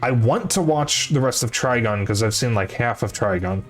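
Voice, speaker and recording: A man's voice: mid-range voice, expressive, moderate pace. A young man streaming, chatting casually to his viewers, rambling and correcting himself as he goes, with the odd curse. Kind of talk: casual chat to a live chat. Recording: faint music behind voice.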